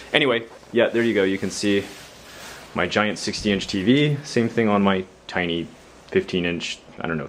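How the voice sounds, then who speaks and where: A man's voice: low voice, a little hiss or hum. A young man giving a casual, rambling home-tour vlog inside his house, self-deprecating and full of fillers.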